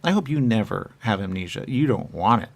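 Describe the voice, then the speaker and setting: A man telling a rambling improvised comic monologue, laughing often and swinging from shouting to muttering. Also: lowish voice, animated, fairly quick, gravelly.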